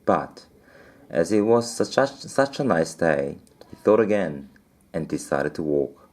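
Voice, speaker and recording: Slow, low-voiced storyteller. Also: male voice, very animated. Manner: gentle, playful asides to the listener. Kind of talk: children's storybook reading.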